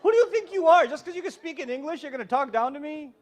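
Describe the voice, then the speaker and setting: An offended immigrant parent scolds and sneers, as a man mimics the parent. The voice sits very high and turns indignant and mocking. It sounds like a short comic impression within a talk. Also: lively intonation, fast talker. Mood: indignant scolding.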